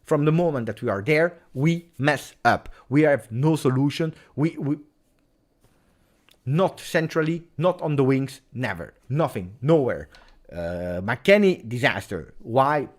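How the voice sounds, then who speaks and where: A man's voice: medium pitch, big pitch swings, slow pace. A man hosting a live football reaction stream, agitated and emphatic, repeating his points. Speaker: football channel host.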